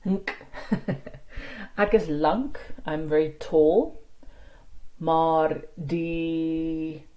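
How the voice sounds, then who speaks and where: In an online language lesson, a woman with a low voice explains grammar and pronounces example words slowly and carefully, tossing in quick asides. The recording's high frequencies are cut off.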